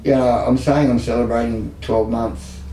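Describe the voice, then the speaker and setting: A man's voice: medium pitch, fairly even intonation, moderate pace, warm tone. A middle-aged Australian man talking openly and emotionally about his life, with blunt, self-mocking humor. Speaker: service user guest. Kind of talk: candid conversational storytelling. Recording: echoey room, distant mic, faint background noise.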